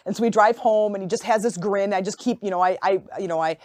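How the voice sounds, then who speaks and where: Expressive woman telling a personal story. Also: mid-range voice, quick pace, no echo, studio quality. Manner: expressive, lively storyteller with sudden excited rises; conversational with fillers and restarts. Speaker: podcast host and life coach.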